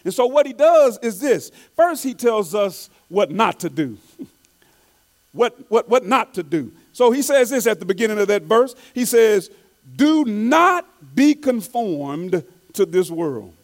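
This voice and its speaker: High-pitched guy preaching, slows way down on quotes, says stuff twice, trips over words a lot. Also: expressive, darkish tone. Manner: repeats key phrases for emphasis, reads quotes slowly; stumbles and restarts often. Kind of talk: sermon.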